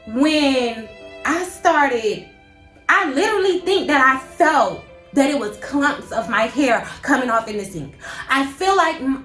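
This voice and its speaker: A young woman telling a personal story in a casual vlog, animated and slangy, acting out her own panicked thoughts. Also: sits high. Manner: animated, slangy, dramatic inner monologue. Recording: echoey room.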